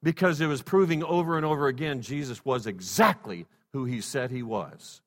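A male pastor preaching a sermon, swinging from loud exhortation to hushed softness and stacking rhetorical questions. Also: mid-range voice, moderate pace. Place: church sanctuary. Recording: long reverb in a church hall.

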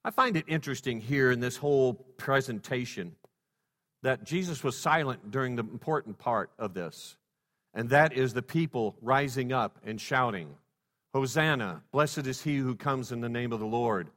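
A male pastor preaching a sermon, swinging from loud exhortation to hushed softness and stacking rhetorical questions. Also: mid-range voice, expressive, moderate pace. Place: church sanctuary. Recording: long reverb in a church hall.

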